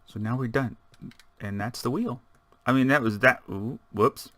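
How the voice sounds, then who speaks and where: A man's voice: medium pitch, normal speed, fairly bright tone, no echo. A man giving rambling, casual let's-play commentary, chatting and muttering to himself as he builds. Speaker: gaming channel host.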